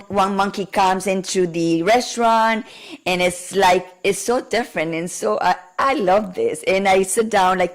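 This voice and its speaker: Hoarse woman with a Colombian accent. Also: lowish voice. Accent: Colombian Spanish. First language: Spanish. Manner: emotional, heartfelt storytelling. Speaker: guest. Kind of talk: casual conversation.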